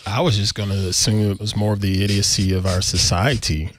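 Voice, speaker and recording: Male co-host, lower voice, blunt and irreverent; very dry recording. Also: steady tone, a little fast, no echo. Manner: blunt, irreverent, swears casually. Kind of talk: casual panel chat.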